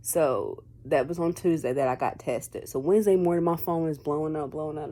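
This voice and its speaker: A woman's voice: deep voice, brisk, hardly any pauses, warm tone. A woman vlogger telling a personal story in a casual, rambling way. She fills her talk with "like" and "um" and acts out conversations in quotes. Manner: rambling, heavy on fillers like "like" and "um".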